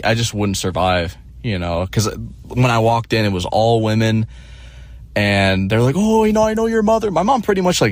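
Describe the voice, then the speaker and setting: A man in his twenties telling a story casually, rambling and profane with many restarts. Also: lowish voice. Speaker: streamer.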